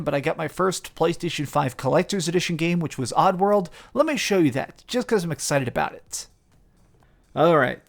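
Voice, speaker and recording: Enthusiastic young man reviewing games. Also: fairly high pitch. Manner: enthusiastic, gushing, animated. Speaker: game reviewer and channel host. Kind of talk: excited casual review and unboxing vlog.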